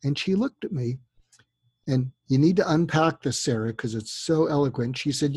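Husky man, slightly higher voice. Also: lively intonation, moderate pace, darkish tone, dry recording. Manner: acts out sample dialogues in a livelier voice. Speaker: psychotherapist guest. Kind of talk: casual podcast conversation. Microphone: remote call microphone.

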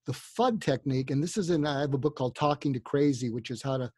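A man's voice: mid-range voice, fast, darkish tone, slightly rough, no echo. A man speaking as a therapist guest in a casual podcast conversation, acting out sample dialogues in a livelier voice. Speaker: psychotherapist guest. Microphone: remote call microphone.

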